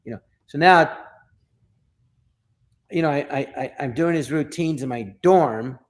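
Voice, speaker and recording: A middle-aged man from Los Angeles tells a long story as an interview guest, his voice a touch higher than most men's. He slips into the people he quotes and acts out their lines. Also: a little slow. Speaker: guest comedian.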